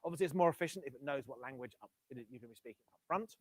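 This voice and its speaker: Speaking at a racing pace in an expressive, mid-range voice, this man presents a live-coding session to a meetup crowd on a dry recording. He wears a Bluetooth headset and keeps things casual, correcting himself and adding wry asides.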